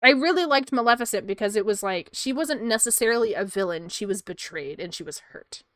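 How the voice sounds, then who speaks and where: A young woman chatting casually with her viewers while drawing on stream, excitable and quick to swear. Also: mid-range voice, no room sound, studio quality. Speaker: art streamer.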